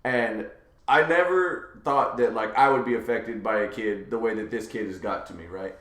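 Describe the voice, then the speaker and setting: Animated, laughing male podcast host. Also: fairly low pitch, moderate pace, roomy sound. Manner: animated storyteller, laughs often. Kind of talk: casual storytelling chat.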